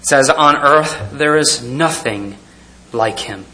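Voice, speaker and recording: A man's voice: medium pitch, takes it slowly, pushed and bright. A man preaching a sermon, reading scripture aloud and chuckling often as he pictures the scenes. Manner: hesitant fillers and restarts. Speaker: pastor.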